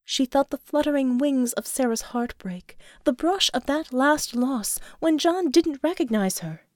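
A woman narrating an audiobook in an expressive, measured storytelling manner. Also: sits high, no room sound, studio quality.

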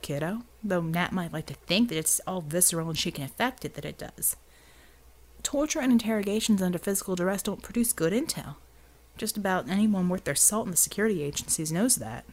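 A woman voicing a blunt, seasoned male soldier in an audiobook, drawling slang with wry impatience. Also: fairly low pitch. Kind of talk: audiobook character voice.

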